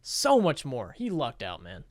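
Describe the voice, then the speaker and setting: A man's voice: mid-range voice, wildly swooping pitch, measured pace, dry recording. A man, a gaming YouTuber, giving casual reaction commentary in a blunt, profane, laughing manner.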